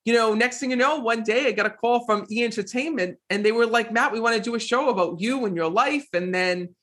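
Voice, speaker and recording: A man being interviewed as a psychic medium, telling stories in a casual, animated way and often repeating "next thing you know.". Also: very high voice, a little fast.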